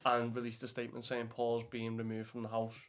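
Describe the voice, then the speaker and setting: A man's voice: medium pitch, completely flat delivery, a little fast. A man with a Liverpool accent, a podcast guest telling stories in casual chat, swearing freely and calling everyone "lad". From Bootle, England. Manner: swears a lot, keeps saying "lad". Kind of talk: casual storytelling.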